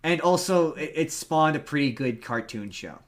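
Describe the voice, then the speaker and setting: A man's voice: a little high, animated, moderate pace. Man, podcast co-host, casual movie talk, rambling, restarts a lot, remote call mic. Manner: rambling, lots of restarts and fillers.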